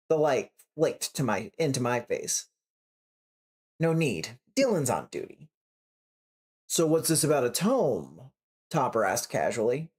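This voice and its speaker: A woman reading a short story aloud on a writing stream, voicing the dialogue with big pitch swings. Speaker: reader on a writing prompt stream. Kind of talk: reading a story aloud, then casual chat.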